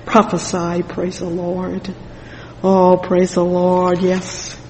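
Fervent preacher, unhurried delivery, roomy echo, faint background hum. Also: medium pitch, monotone, a little mellow. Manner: fervent, punctuated with "praise the Lord"; frequent "you know" fillers and restarts. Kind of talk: sermon with scripture reading. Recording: echoey hall with long reverb.

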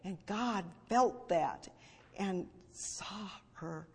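A woman preaching a sermon and reading scripture, emphatic, moving between hushed and loud fervent stress. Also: mid-range voice, expressive, extremely slow, slightly rough. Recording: long hall reverb.

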